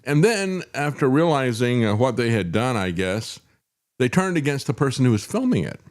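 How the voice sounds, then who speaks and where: A man's voice: mid-range voice, very animated, moderate pace. A male talk show host giving indignant, sarcastic commentary, with frequent fillers.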